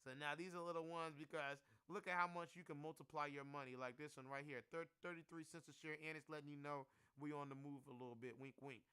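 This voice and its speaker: Man, bright piercing tone, smooth crisp voice, profane rambling stream talk. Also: a little high, steady tone, fast, hardly any pauses. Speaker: stock market streamer. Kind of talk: casual live-stream commentary.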